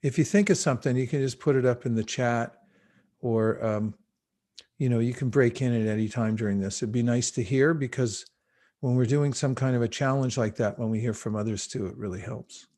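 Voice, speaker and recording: This male meditation teacher has a warm, mellow voice of typical middle pitch. Leading a guided meditation by video call, he walks people through breathing slowly and calmly, with gentle instruction.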